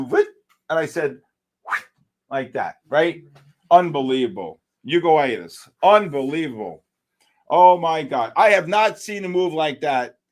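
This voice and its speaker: Excitable man hosting a live trading stream. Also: fairly high pitch. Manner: animated, exclamatory, talks to chat by name. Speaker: livestream trading host. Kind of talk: excited live market commentary.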